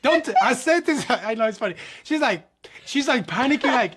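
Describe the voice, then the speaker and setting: A man's voice: extremely high pitch, expressive, moderate pace, a bit bright, slightly rough. A young man, a ballet dancer from New York, chatting casually and animatedly, acting out dialogue and calling viewers "my people". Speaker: ballet dancer and channel host. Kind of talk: casual chat.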